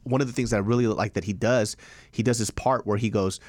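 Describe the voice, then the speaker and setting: A man in a casual podcast chat, blunt and profane, rattling through his stories at a quick clip. His voice sits a bit low and sounds close and dry, with no room around it. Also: steady tone, darkish tone, no echo. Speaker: podcast co-host.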